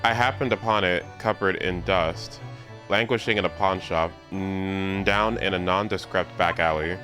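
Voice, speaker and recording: A man voicing a gloomy, eccentric male detective, reading the game lines slowly and dramatically in a lowered voice. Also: fairly even intonation, sharp tone, soft background music. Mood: grandiose. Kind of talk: live reading of game dialogue.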